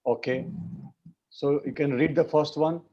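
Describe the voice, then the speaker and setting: Slow Indian man teaching online. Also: a little high, steady tone. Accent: Indian English. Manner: patient, corrects pronunciation by repeating words. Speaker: French teacher. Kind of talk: online class instruction. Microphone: video call. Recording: muffled lo-fi video call audio.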